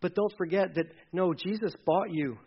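High-voiced, emphatic male pastor. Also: moderate pace, breathy edge, highs cut off. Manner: emphatic, swings between loud urging and quiet asides. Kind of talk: sermon. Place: church hall with a congregation.

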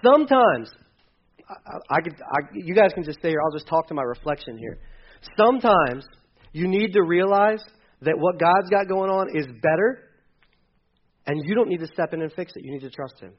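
A middle-aged male pastor preaching a sermon in an animated, conversational way, with humor. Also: high voice, moderate pace, highs cut off.

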